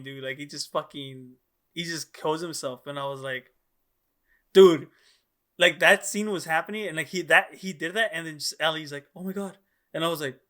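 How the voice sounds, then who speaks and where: Podcast co-host, young adult man, a bit higher than average, bright forward tone; excitable, slangy, swears a lot. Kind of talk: casual chat.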